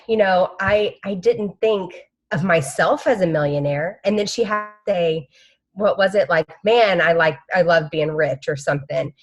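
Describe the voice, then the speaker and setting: Woman, emotional testimony, rambling, video-call audio, mid-pitched voice. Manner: emotional, rambling, with many fillers. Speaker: team member sharing a conference recap.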